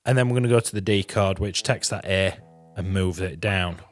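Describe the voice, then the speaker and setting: A man's voice: deep voice, fairly quick. A man teaching a guitar lesson, chatty and encouraging, counting beats aloud as he explains. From England. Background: guitar playing.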